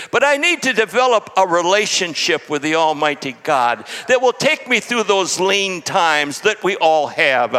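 A man, a visiting pastor, leading fervent prayer and preaching a sermon, often rising into shouted praise. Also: high-pitched. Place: church sanctuary. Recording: long church hall reverb.

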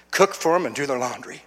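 Bright-voiced preacher in a reverberant church. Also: male voice, on the high side, husky. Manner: folksy storytelling with restarts, swinging from hushed to loud. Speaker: guest pastor. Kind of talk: sermon testimony. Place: church sanctuary. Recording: long reverb of a church hall.

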